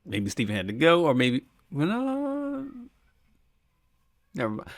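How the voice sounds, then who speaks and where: A man with a gravelly, creaky edge to his voice, chatting easily on a podcast. He is laid-back and slangy, and laughs a lot. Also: a little high, huge pitch swings, unhurried. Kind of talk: casual chat.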